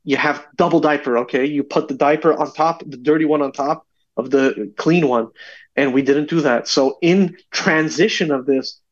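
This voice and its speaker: A man, a podcast guest, chatting casually and telling stories with lively acted-out voices. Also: on the high side, moderate pace, muffled recording. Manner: animated storyteller, acts out voices. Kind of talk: casual chat.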